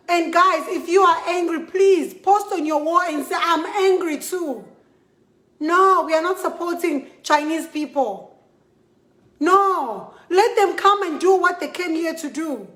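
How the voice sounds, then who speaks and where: A woman's voice: very high-pitched, measured pace, a bit bright, echoey room. A Zambian woman speaking angrily and emphatically to camera, switching between English and a local language. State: angry. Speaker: model addressing followers. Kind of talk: impassioned vlog to camera.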